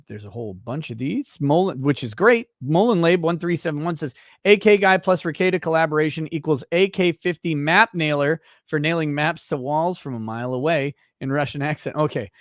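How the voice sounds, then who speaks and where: A man's voice: fairly high pitch, no echo. Man in a dry close-mic livestream chat. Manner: reads viewer messages aloud, wry asides. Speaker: host. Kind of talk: casual livestream chat reading comments.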